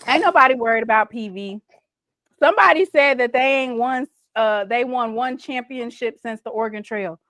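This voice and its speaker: A woman's voice: fairly high pitch, moderate pace, fairly bright tone, no room sound. A woman, hosting a casual livestream chat and playfully reading viewer comments. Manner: chatty, playful, reads viewer comments aloud. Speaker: livestream host.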